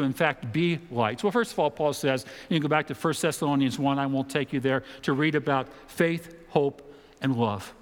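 A man with a slightly higher voice preaches in a church auditorium. He keeps it conversational, slowing down for dramatic pauses and now and then slipping into mock voices. A long reverb trails off his words through the hall. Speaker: pastor. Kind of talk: sermon.

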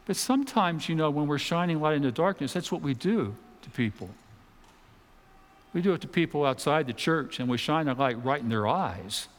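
A man's voice: a little high, expressive. Man preaching in a reverberant hall. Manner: conversational preaching with dramatic pauses and mock voices. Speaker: pastor. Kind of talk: sermon. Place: church auditorium.

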